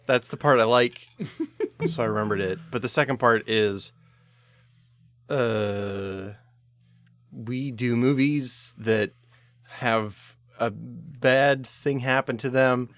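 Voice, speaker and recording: A man's voice: medium pitch, takes it slowly, long pauses, a bit bright, no echo. A young adult man hosting a podcast, telling a long story in a casual, tipsy way, rambling with lots of fillers and swearing. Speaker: podcast host.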